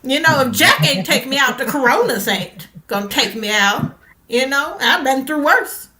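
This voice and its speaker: A woman hosting an online comedy show, telling a stand-up bit in an animated, storytelling way. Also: sits high, moderate pace, reverberant. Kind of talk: stand-up comedy set and emcee banter.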